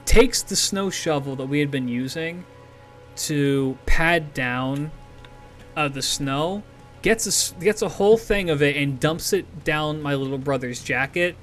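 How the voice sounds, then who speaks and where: A man's voice: a little high, measured pace, fairly bright tone, faint music behind. A man streaming a game while telling a story in a rambling, profane way, full of restarts. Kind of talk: casual storytelling while gaming.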